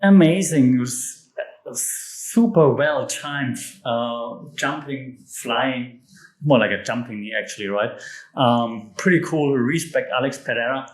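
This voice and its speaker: Brief: European man, solo podcast host, mid-pitched, excitable and joking, recorded in an echoey room. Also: unhurried. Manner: enthusiastic, emphatic, jokey asides. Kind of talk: casual solo podcast monologue.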